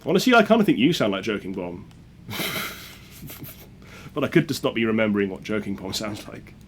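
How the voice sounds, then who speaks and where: A man streams a speedrun, joking and chatting casually with his viewers and reading their chat aloud. His lowish voice is very animated and a little fast, with slight background noise.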